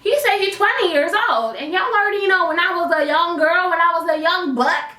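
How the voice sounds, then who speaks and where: Animated young woman in an echoey bedroom. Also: very high-pitched, fairly quick. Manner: animated, playful and conversational, with a raised on-camera voice. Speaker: YouTuber telling a personal story. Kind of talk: storytime vlog, casual slangy chat. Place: her bedroom. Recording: echoey room, mic at a distance.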